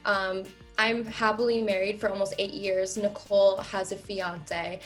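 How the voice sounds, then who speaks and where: A woman's voice: medium pitch, level tone, unhurried, faint music behind. Candid woman in her thirties, emphatic. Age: 30s. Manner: candid, emphatic, many "um" fillers. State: emotional, near tears. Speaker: reality show contestant. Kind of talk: interview answers.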